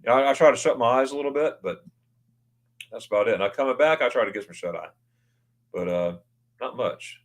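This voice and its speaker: Animated and a little fast, with frequent pauses, a medium-pitched American host talks into his new desk mic during a relaxed livestream. He chats loosely and reads out what viewers have written.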